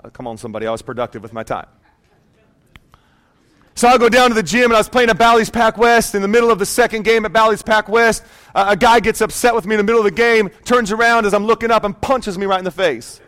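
High-voiced man preaching a lively sermon. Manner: animated storytelling, calls out to congregation. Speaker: pastor. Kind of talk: sermon with personal story.

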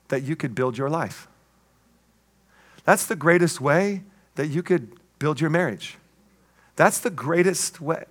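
A man preaching a sermon as pastor, emphatic, with call-and-response asides and playful jokes. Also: a little high.

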